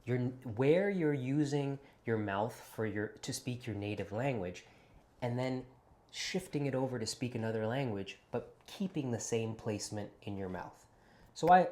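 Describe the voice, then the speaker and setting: A Canadian man in his forties, an actor speaking with an American accent, chatting to camera and switching in and out of accent demonstrations. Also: lowish voice. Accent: General American, put on over a Canadian one. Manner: animated, slips in and out of accent demonstrations. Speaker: actor and vlogger. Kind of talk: casual talk to camera.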